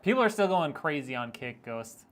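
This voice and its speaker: A man's voice: fairly high pitch, sing-song, normal speed, fairly bright tone. Joking man reading a live chat. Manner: joking, teasing, laughs often. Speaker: streamer building PCs. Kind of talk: casual live-stream chat reading viewer messages.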